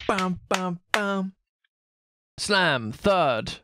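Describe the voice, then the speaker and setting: A man with a fairly high voice reads a visual novel aloud on a live stream, playful and quick with asides. Faint game music plays behind him. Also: expressive, a bit bright.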